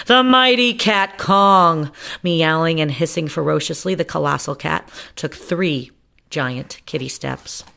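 A woman reading a funny children's picture book aloud in a playful, lively storyteller manner. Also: deep voice, vocal fry.

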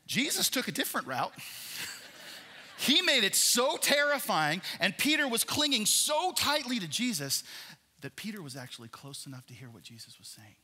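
A man preaching a sermon as a pastor, animated, swinging between loud emphasis and hushed passages. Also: sits high, normal speed, slightly rough, big-room sound.

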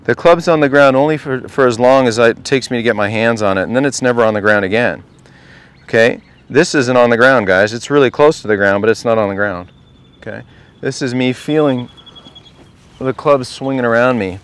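Chatty golf coach, smooth clear voice. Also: male voice, medium pitch, a little fast, fairly bright tone. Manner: conversational, keeps asking the group questions. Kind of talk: outdoor golf clinic talk to a group. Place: outdoor golf practice range.

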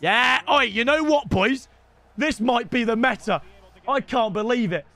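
A young man giving excitable live commentary on a football video game, chatting with his viewers and bursting into shouts. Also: extremely high pitch, a little slow, gravelly, faint music behind. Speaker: streamer.

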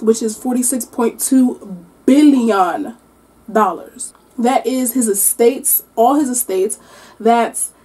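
Animated woman eating and chatting. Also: on the high side, takes it slowly, slightly rough. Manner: animated, exclamatory, talking while eating. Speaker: book vlogger. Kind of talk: mukbang-style book wrap-up.

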